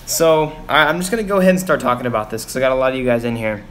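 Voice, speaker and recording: A young man talks loosely to his live-stream viewers, pausing with ums and heavy sighs as his frustration builds. His voice sits at an ordinary middle pitch. A faint background hiss sits under the recording. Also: lively intonation, fairly bright tone. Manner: frustrated, sighing, rambling with fillers. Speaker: vlogger. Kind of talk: casual live stream rant. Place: home garage.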